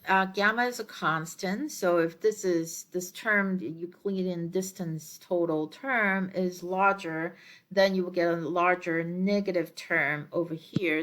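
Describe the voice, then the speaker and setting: A woman lecturer explaining her slides in a measured way, with frequent ums and uhs as she works through each step. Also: on the low side, fairly even intonation, fairly bright tone.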